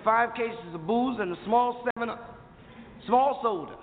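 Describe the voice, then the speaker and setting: A man telling a slangy comic story in a lively way, from a played comedy record. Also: very high voice, unhurried. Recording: tinny, hissy, reverberant comedy record.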